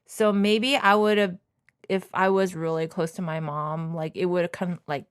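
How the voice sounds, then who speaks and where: A young woman co-hosting a podcast in casual chat, animated and acting out quoted lines in a raised voice. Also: lowish voice, unhurried, smooth, no room sound, studio quality. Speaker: podcast co-host.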